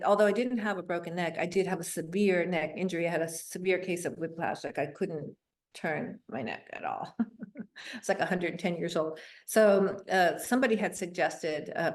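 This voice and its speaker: Middle-aged woman guest, low-pitched, earnest storyteller, reflective interview talk. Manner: earnest, with soft laughs and fillers.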